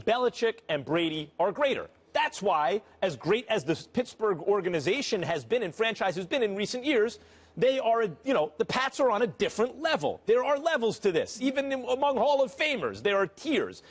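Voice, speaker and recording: A man on a studio sports panel, laying out his argument in measured steps. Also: sits high, sing-song. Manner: measured, builds an argument step by step. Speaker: sports analyst. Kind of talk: sports debate analysis. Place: television studio.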